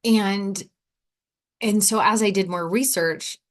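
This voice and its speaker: A woman's voice: medium pitch, takes it slowly. Chatty woman in her thirties. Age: 30s. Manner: animated, quotes people in lively voices, laughs often. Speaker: podcast host. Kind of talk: personal storytelling podcast.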